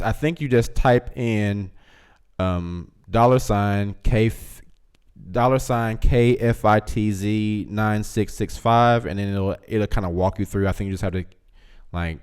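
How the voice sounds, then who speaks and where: A man chats on his own livestream at an unhurried, drawn-out pace, his voice sitting fairly low. He reads out viewer comments, teases people in a laid-back way and breaks into laughter often. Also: darkish tone, clean tone. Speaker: livestream host reading chat. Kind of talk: casual livestream chat.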